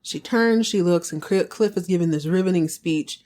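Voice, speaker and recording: Woman host, casual animated recap chat. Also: lowish voice, normal speed. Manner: chatty, animated retelling with acted quotes and asides. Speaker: podcast host recapping a TV drama.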